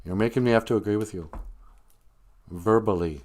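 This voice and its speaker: Rambling through a comedic monologue on his live stream, a Minnesotan-accented host cracks jokes and laughs at his own material. He speaks at a moderate pace in a fairly low, slightly mellow voice.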